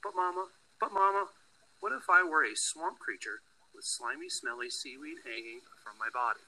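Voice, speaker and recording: Storybook child, small and eager, played by a man with a bright husky read. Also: animated, normal speed, full character voice, poor audio. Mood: pleading. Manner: higher, louder pleading questions. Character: small pleading child, playful and curious.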